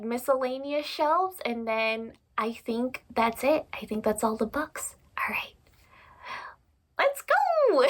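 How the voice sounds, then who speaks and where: A young woman in her twenties chats to her phone camera in a casual vlog, her voice sitting a little high. She is chatty and self-mocking and laughs often as she talks. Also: a bit bright. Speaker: booktuber.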